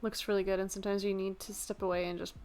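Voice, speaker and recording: A woman's voice: medium pitch, flat delivery, racing, a little mellow. A woman streamer chatting casually and joking at her own expense while she draws. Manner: joking, self-deprecating. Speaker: livestreamer.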